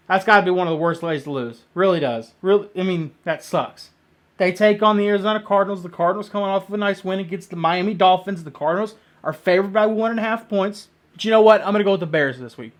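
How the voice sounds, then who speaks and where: Excitable high-voiced man making sports picks. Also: brisk. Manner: excitable, blunt, jokey, sometimes loud. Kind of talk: casual football picks monologue.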